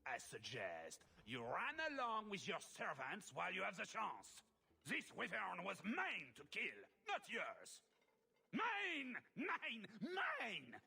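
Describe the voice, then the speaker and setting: A whiny French-accented noble. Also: male voice, high voice, wildly swooping pitch, pushed and bright, heavily acted. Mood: haughty. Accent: French-sounding. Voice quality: gravelly, whiny, drawn-out. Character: petulant foppish male noble, childish and arrogant. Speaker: video game character.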